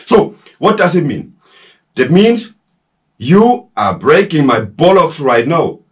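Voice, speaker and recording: A German-accented man in his fifties talks through a casual lesson in a slightly high voice. His delivery swings up and down with animated energy, and he chuckles often and drops into French phrases. He sounds like a plain-spoken former soldier passing on tips. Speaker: former legionnaire instructor.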